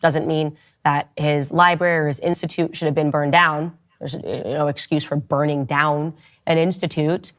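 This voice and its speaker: A woman's voice: low-pitched, fairly even intonation, moderate pace, no echo. A woman in a played clip, arguing her case indignantly with pointed rhetorical questions. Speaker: commentator defending herself.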